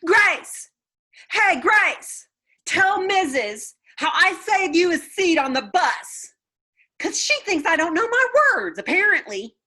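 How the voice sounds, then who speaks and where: A woman voicing a bubbly, bossy little kindergarten girl who talks loudly and mangles big words in a children's book read-aloud. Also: mid-range voice, very animated, measured pace, voice pushed up. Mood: squealing.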